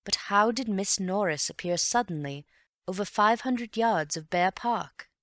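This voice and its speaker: A woman reading an audiobook and voicing a calm, wry gentleman amateur detective who reasons in an unhurried, teasing way. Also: medium pitch, no echo, clean studio sound, voice pushed up. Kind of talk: audiobook character voice.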